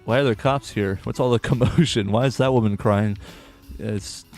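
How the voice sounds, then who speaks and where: A man's voice: lowish voice, normal speed, a little mellow, soft background music. A man casually commentating a game playthrough, reading its dialogue aloud with sarcastic, sweary asides. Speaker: game streamer. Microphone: desktop USB microphone.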